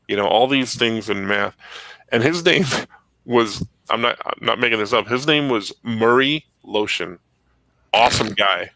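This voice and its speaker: Bright-voiced man telling lively stories. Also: mid-range voice, moderate pace, dry recording, poor audio. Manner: animated storyteller, laughs often. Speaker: comic shop podcast co-host. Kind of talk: casual storytelling chat.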